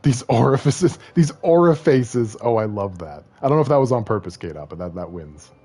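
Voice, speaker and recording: A man's voice: deep voice, animated, fast talker, darkish tone, slightly rough. A man streaming a video game, chatting casually and joking, rambling and slipping into silly voices. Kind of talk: casual gaming livestream commentary.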